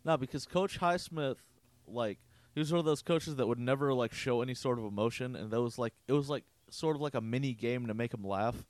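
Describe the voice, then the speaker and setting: A man's voice: medium pitch, a little fast, no room sound. A young man co-hosting a casual chat, telling a story in a loose, profane way. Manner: loose and profane, acts out quotes. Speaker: podcast co-host.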